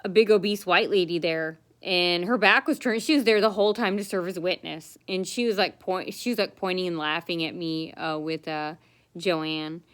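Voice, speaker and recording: A woman's voice: fairly low pitch, normal speed, a bit bright. A woman telling a long personal story to the camera in a casual, rambling, aggrieved way, full of fillers and restarts. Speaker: vlogger.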